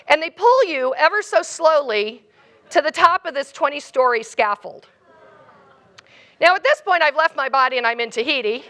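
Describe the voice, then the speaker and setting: Bright, animated woman keynote storyteller. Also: high-pitched. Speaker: keynote speaker.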